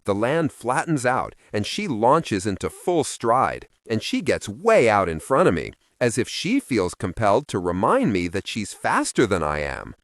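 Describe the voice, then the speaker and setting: Male audiobook reader, first-person storytelling, lower voice with a hugely lively pitch, dry close sound. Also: a little slow, hardly any pauses, no echo. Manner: expressive, shifting voices for characters. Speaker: audiobook narrator.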